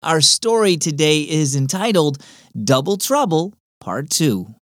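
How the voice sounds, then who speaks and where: Upbeat host reading to kids. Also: male voice, on the high side, sing-song, a little slow, a bit bright, no room sound, clean studio sound. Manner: upbeat, friendly, kid-directed. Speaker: children's devotional host. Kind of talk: scripted narration.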